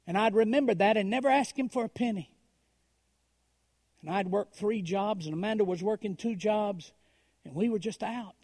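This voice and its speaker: A man preaching a story-driven sermon, dropping to a hush and then rising to loud, dramatic swells. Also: high-pitched, moderate pace. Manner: dramatic, swings from hushed to shouting.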